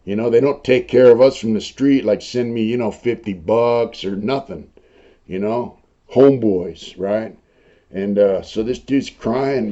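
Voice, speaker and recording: Gravelly-toned older man telling prison stories. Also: lowish voice, unhurried, warm tone. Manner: rough, profane, rambling with many fillers. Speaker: host recounting prison life. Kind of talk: casual storytelling monologue. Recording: dull lo-fi recording.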